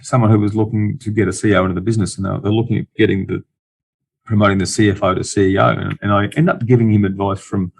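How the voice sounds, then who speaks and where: A man's voice: lowish voice, flat delivery, fast, vocal fry, breathy edge. A middle-aged Australian man, an investor guest in a casual interview, talking bluntly with many restarts and dry jokes.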